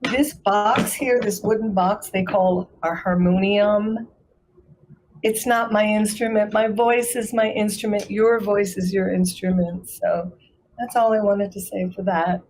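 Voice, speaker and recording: Woman chant teacher, slow demonstrations. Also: mid-range voice, steady tone, darkish tone, rough recording. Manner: instructive, demonstrates pronunciation slowly. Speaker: guest, sacred chant artist and yoga teacher. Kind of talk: teaching conversation.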